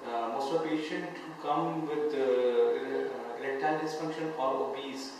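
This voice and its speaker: A man's voice: medium pitch, steady tone, moderate pace, a little mellow. A male consultant urologist with an Indian English accent, explaining his field to the camera in a hesitant way with frequent fillers and restarts. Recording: echoey room with noise, mic far off.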